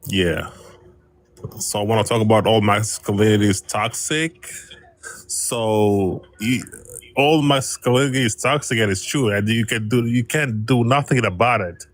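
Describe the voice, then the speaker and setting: Loud provocative male caller, dry sound. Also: medium pitch, unhurried, no room sound. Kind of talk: casual call-in chat.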